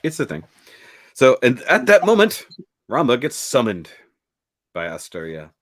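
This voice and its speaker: A man co-hosting a casual review chat, animated and jokey and quick to swear. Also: medium pitch, no room sound. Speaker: co-host.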